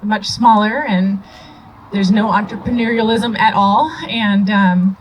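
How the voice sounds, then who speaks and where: A woman's voice: medium pitch, fairly even intonation, a little slow, a little hiss or hum, rough recording. A woman who married into the family, speaking at a memorial in a nervous, hesitant way with many ums. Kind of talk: memorial speech.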